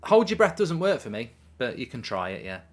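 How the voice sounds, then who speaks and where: A man's voice: mid-range voice, sing-song, fairly quick. A man casually chatting on a live stream, reading out viewer messages with plenty of ums. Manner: chatty, reads chat messages aloud, frequent ums. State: hiccups. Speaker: watchalong streamer.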